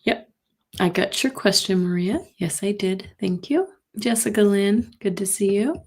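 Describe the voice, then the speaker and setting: Slow-talking woman hosting a psychic livestream. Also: mid-range voice. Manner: warm greetings to viewers by name, slow and chatty. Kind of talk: casual livestream chat. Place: home in Colorado.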